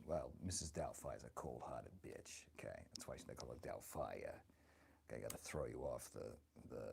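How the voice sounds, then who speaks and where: A man's voice: extremely low pitch, a little mellow, full character voice. A man voicing a crude, flirty grandmother of great age who teases her viewers and calls them honey, chatting with his stream audience in character. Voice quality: gravelly. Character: crude flirty ancient grandmother, bawdy and vain. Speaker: livestreamer. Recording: noisy background.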